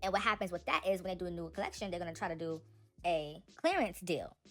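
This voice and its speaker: A young woman giving casual, animated celebrity gossip commentary, talking straight to her viewers. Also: fairly low pitch, quick pace, faint music behind.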